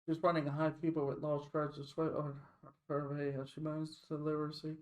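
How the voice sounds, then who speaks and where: A man streaming a game, reading its story text aloud in a slow, deliberate way. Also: a little high, completely flat delivery.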